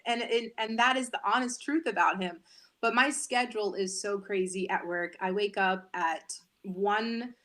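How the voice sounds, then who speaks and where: A woman's voice: mid-range voice, unhurried, a bit bright, a little hiss or hum. A woman news anchor in her thirties, chatting candidly and animatedly as a guest on a talk show.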